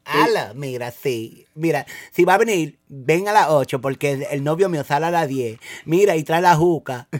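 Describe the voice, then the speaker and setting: Man putting on a sly Dominican-accented woman phoning her lover, low and hushed. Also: animated, fairly quick, hardly any pauses, dry recording, clean studio sound, natural voice. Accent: Dominican Spanish.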